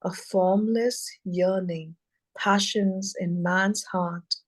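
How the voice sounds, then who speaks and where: A woman reading verse aloud in a measured way, pausing often between short phrases. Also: medium pitch, fairly even intonation, low-quality recording. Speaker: student reader. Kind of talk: slow poetry reading.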